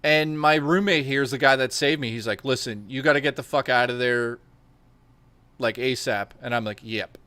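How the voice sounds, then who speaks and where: A young man in casual chat, telling crude, animated stories with plenty of swearing and laughter. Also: mid-range voice, moderate pace, no room sound.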